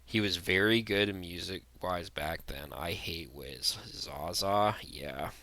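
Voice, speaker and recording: A man's voice: low voice, slow, sharp tone. A young man giving blunt, rambling tier-list commentary, full of fillers and restarts. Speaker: vlogger.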